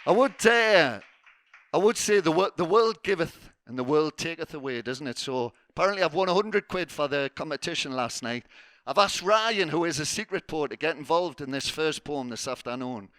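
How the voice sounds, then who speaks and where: A man's voice: fairly high pitch, expressive, normal speed, fairly bright tone, no room sound. A man hosting a spoken word night on a festival stage, rambling through self-mocking jokey banter before a live audience.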